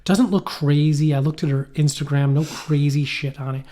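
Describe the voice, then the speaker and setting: A man co-hosting a casual podcast, rambling through an animated story with playful asides. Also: a little high, normal speed. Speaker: podcast co-host. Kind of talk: casual conversational podcast chat. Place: poorly heated shack.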